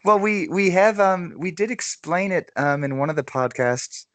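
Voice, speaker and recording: A man's voice: high-pitched, unhurried, fairly bright tone, no room sound. Chuckling male podcast host, dry sound. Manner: chuckling, stumbling over repeated words. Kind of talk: casual chat.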